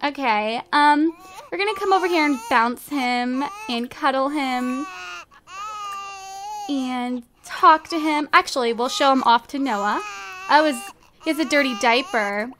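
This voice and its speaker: A woman's voice: high voice, unhurried, a bit bright, a little hiss or hum. A woman casually commenting as she plays a life-sim game, bubbly and giggly as she gushes over how cute things are. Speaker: let's play host.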